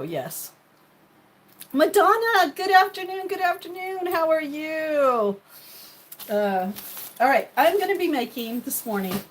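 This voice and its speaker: A woman's voice: mid-range voice, slight background noise. A woman chatting casually on a live stream while she cooks, greeting viewers by name and laughing often. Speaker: livestreaming cooking vlogger.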